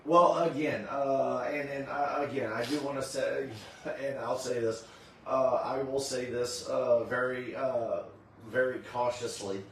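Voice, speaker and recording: A man's voice: mid-range voice, fairly even intonation, a little slow, a bit bright, very echoey, recorded from a distance, a little hiss or hum. A tired man hosting a casual chat, rambling with many fillers and restarts. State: tired, yawning. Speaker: host of a convention recap stream.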